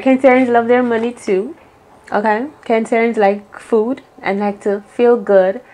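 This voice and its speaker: A woman's voice: mid-range voice, darkish tone. A woman giving a solo tarot reading. She sounds affirming and encouraging and thinks aloud as she goes. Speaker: tarot reader.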